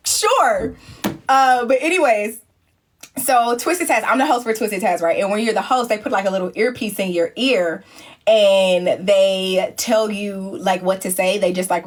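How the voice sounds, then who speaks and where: Animated young woman telling a story on a livestream. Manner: animated, swearing, imitating others in a high voice. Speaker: livestream host chatting with viewers. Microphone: phone.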